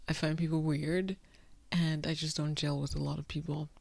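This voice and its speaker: A woman's voice: low-pitched, flat delivery, moderate pace, creaky, darkish tone, no room sound. A woman in her twenties chatting candidly to camera at home, laid-back and drifting, laughing at herself and feeling the heat. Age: 20s. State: overheated. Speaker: vlogger. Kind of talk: candid casual chat to camera. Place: room at home.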